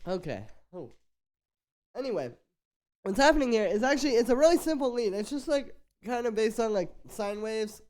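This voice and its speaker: A man's voice: high voice, expressive, moderate pace, a little mellow, a little hiss or hum. A young man who produces music, giving loose, filler-heavy feedback on tracks in a casual live stream. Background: faint music from played tracks.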